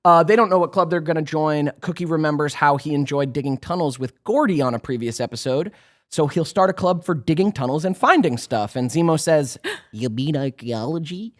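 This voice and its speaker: A man with a slightly higher voice talks loosely and chattily as a podcast co-host. He recaps the episodes with plenty of fillers and laughter. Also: fairly quick. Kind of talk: casual rewatch recap chat.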